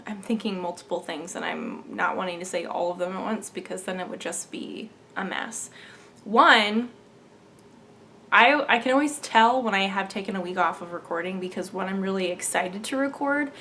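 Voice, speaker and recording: A woman's voice: medium pitch, normal speed, fairly bright tone, slight background noise. A young adult woman hosting a knitting podcast, chatting casually and bubbly, laughing often. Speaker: podcast host. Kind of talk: casual chat.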